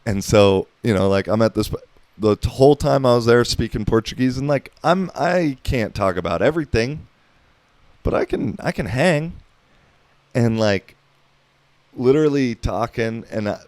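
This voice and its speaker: A man's voice: mid-range voice, expressive, moderate pace, darkish tone, no room sound. An American man in his thirties hosting a podcast, rambling casually with lots of profanity and filler words. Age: 30s. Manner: laid-back, profane, heavy on filler words. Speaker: podcast host.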